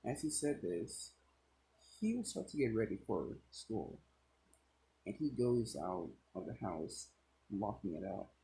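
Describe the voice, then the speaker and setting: A man's voice: fairly low pitch, big pitch swings, takes it slowly, mellow, a little hiss or hum, rough recording. A young man casually narrating a fan story, with rambling, swearing asides.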